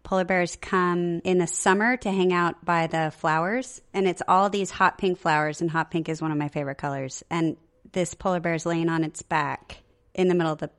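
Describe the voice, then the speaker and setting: A woman's voice: on the low side, fairly even intonation, moderate pace. A woman co-hosting a podcast in casual chat, playfully teasing and laughing often. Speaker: podcast co-host.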